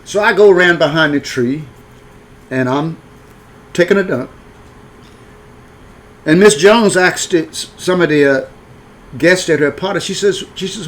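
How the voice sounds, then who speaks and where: A man's voice: fairly high pitch, unhurried, pauses often, fairly bright tone. A man telling a personal story in a frank, rambling folksy way, full of restarts. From rural upbringing.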